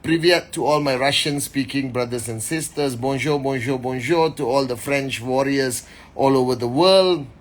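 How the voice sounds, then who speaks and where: A man hosting a live stream, greeting viewers by name and giving a motivational talk in an energetic, casual way. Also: mid-range voice, a little hiss or hum. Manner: energetic, reads names quickly, speaks directly to the audience. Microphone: phone.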